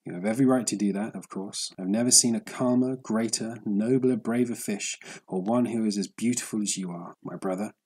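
A man's voice: fairly low pitch, fairly quick, hardly any pauses, a little mellow, slightly rough. A man voicing a weary, stubborn old fisherman who mutters to himself as he strains. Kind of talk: audiobook character voice.

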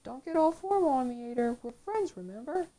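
A woman reading the part of a cheerful young male fighter in a video game, friendly and always hungry. The voice goes up high and stays warm and mellow underneath. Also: animated, brisk. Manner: upbeat, friendly.

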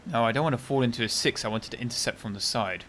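A man giving chatty, sarcastic gameplay commentary, muttering one moment and bursting out loudly the next. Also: mid-range voice, fast, a little hiss or hum. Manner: chatty and sarcastic, swinging from mutters to loud outbursts, heavy slang. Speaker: video game commentator.

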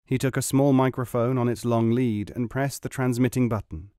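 A man reading an audiobook in a measured, even storytelling voice. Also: medium pitch, smooth, no echo, studio quality. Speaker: audiobook narrator. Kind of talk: scripted audiobook narration.

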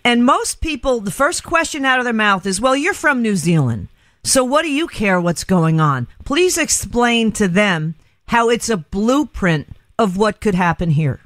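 Bright chatty woman radio host. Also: fairly high pitch, big pitch swings, a little slow, no room sound. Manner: chatty, laughs easily. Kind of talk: casual talk radio chat.

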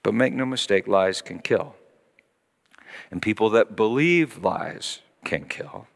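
A middle-aged man preaching a sermon as pastor, telling a story with lively acted-out voices and sudden hushed drops. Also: lowish voice, takes it slowly, gravelly. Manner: animated storytelling, acting out voices, dropping to hushed tones. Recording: long hall reverb.

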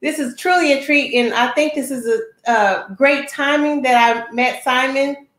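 High-voiced energetic woman host, roomy echo. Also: unhurried. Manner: energetic, chatty, keeps asking "right?". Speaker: show host. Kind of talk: upbeat talk-show introduction.

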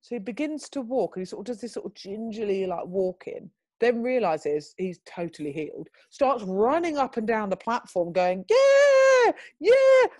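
A young adult woman, a guest telling a lively story and quoting herself in loud, high bursts. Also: normal speed, hardly any pauses, no room sound. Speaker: interview guest. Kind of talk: animated storytelling.

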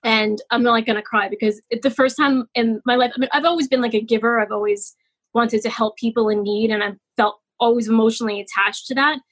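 Talking fast in a fairly high, steady voice with a breathy edge, a woman in her forties recounts a personal story as a podcast guest. She's a children's author, and her casual telling is chatty, emotional, and full of fillers and restarts. The recording is low quality.

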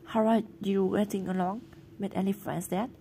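A woman's voice: mid-range voice, fairly even intonation, moderate pace, mellow, a little hiss or hum, lightly acted. A woman reading the part of a stiff, reproachful father in a storybook. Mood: stern. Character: stern, disapproving father.

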